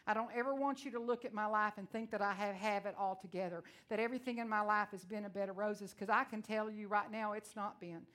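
A woman from Texas with a Texan accent, preaching a sermon in a loud, blunt, emotional and folksy way. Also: medium pitch, fairly even intonation, fast, few pauses. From Texas, USA.

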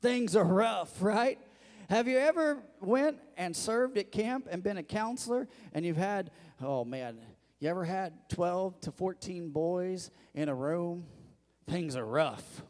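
A male pastor delivers his sermon in a somewhat high voice. He keeps asking the congregation rhetorical questions and calls for their answers. His voice rings out with the long reverb of a church hall. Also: lively intonation, slow, darkish tone.

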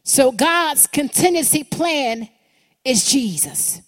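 A woman preaching a sermon, building rhythmic repeated phrases that rise and then drop low for emphasis. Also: expressive, takes it slowly. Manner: rhythmic repetition, rising and dropping emphasis. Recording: long hall reverb.

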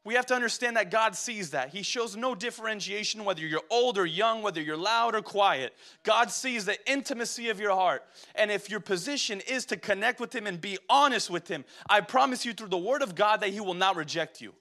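A young man preaches with a high, bright voice. He exhorts the congregation and throws call-and-response questions at them. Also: brisk, hardly any pauses. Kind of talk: sermon.

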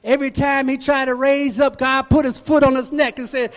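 Man, church elder, very high voice, fervent sermon, long hall reverb. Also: flat delivery, a little fast, few pauses. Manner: fervent preaching with dramatic swings in loudness.

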